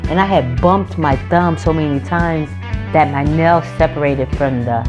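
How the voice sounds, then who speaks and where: A woman's voice: deep voice, unhurried. A woman chatting casually in a nail vlog, rambling through a story with restarts and self-corrections. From North Carolina, USA. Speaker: nail vlogger. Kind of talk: casual chat. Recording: background guitar music.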